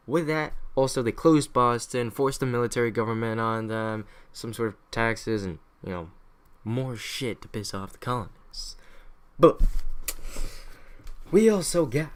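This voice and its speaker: Irreverent man swearing through history. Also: mid-range voice. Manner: irreverent, joking, swears freely. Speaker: history recap host. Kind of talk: casual profane history summary.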